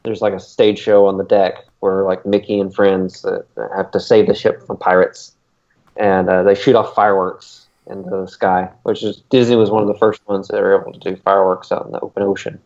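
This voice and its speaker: A man's voice: deep voice, a little fast. A man co-hosting a podcast, chatting casually and rambling with lots of fillers. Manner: rambling, many "uh" fillers, excitable. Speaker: podcast co-host. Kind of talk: casual chat. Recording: dull lo-fi sound.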